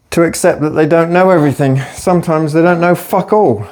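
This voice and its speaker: A man on the higher side of pitch talks a little fast with few pauses, his tone darkish and carrying a bit of hiss or hum. He's a personal trainer and fat-loss vlogger swearing, rambling, and being sarcastic through a casual rant during his gym workout.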